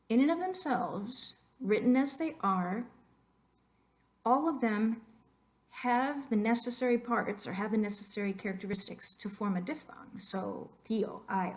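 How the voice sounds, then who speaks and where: A woman's voice: medium pitch, a little mellow. Playful woman narrating a language lesson. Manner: playful, emphatic teaching, switches between English and Spanish. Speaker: Spanish teacher. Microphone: voice-over on a computer mic.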